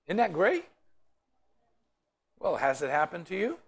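A man's voice: sits high, wildly swooping pitch, unhurried, creaky, husky. A man teaching a Bible study in a joking, storytelling way, often asking the group questions.

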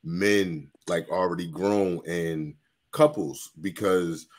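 Deep-voiced, candid male panelist. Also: slow pace, a little hiss or hum. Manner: relaxed, candid, laughing easily. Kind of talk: casual panel discussion.

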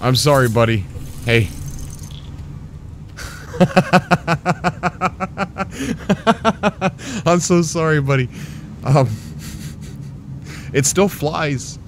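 A man hosting his gaming channel, commenting on his gameplay in an excitable way, laughing often and apologizing. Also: mid-range voice, moderate pace, a little hiss or hum.

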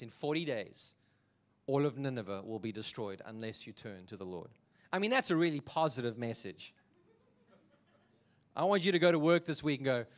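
A man preaching a sermon as a pastor, telling the story in an animated, jokey way. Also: a little high.

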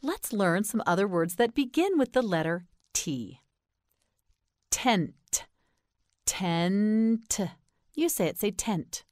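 Very slow, patient American woman teacher. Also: mid-range voice, very animated, darkish tone, dry recording, studio quality. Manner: patient, encouraging, repeats each word clearly. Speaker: English pronunciation teacher. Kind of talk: slow scripted language lesson.

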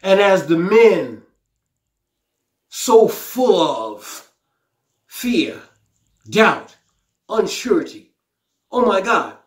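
Preaching in an echoey room, this man has a high, sing-song voice, drawing out his words and leaving long pauses. He cries out fervently, repeats himself, and performs the scripture by paraphrasing it aloud in a pleading tone.

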